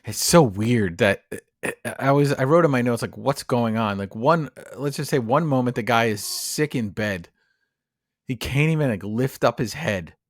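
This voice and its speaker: Mid-pitched male co-host, excited casual film chat, dry close mic. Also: moderate pace, dry recording. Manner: enthusiastic, rambling with fillers. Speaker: podcast co-host.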